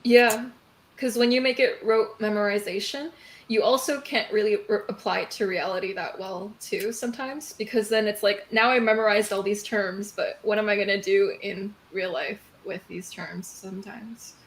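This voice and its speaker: A woman's voice: mid-range voice, steady tone, normal speed, poor audio. A woman hosting a live panel chat, asking curious questions of her guests. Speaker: host.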